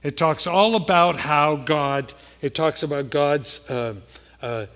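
A male pastor preaching a sermon. He talks conversationally, checks in with "okay?", and swings from loud emphasis to quiet asides. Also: fairly high pitch, slow pace. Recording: reverberant hall.

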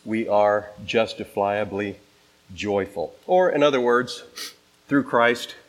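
A man's voice: lowish voice, takes it slowly, rough recording. A man preaching an expository sermon, teaching like a teacher and stressing key words with emphatic inflection as he reads scripture aloud. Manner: teacherly, gives listening assignments. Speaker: pastor.

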